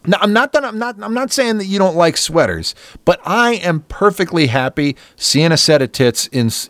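This podcast co-host trades crude, casual banter at normal speed, with no echo on the recording. He rambles and restarts, and his pitch swings lively up and down.

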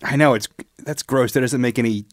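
A man co-hosting a comedy podcast, chiming in with quick jokey banter in casual chat. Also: medium pitch, dry recording, clean studio sound. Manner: quick jokey interjections, laughs easily. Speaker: podcast co-host.

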